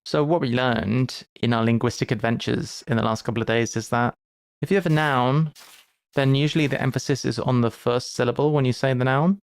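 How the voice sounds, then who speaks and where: A man's voice: medium pitch, steady tone, brisk, clear, resonant tone, dry recording. A man giving live commentary while he plays a game, chatty and thinking aloud, with playful asides. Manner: playful asides and mock lectures. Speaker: game streamer.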